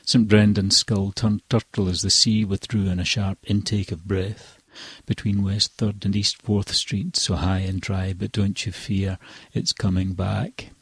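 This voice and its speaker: A man, a poet, reading his own poems in a measured, deliberate way. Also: low-pitched, level tone, husky, no room sound. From Scotland. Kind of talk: poetry reading.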